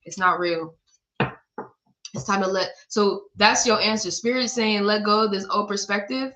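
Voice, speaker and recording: A woman's voice: mid-range voice, fairly even intonation, moderate pace, pushed and bright, poor audio. A woman giving a casual spiritual card reading in a blunt, profane way, laughing at herself. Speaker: tarot reader.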